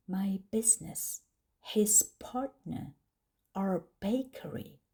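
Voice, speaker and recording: A woman narrating a first-person story slowly and deliberately for English learners. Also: lowish voice, expressive, warm tone. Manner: slow, clear, deliberate reading.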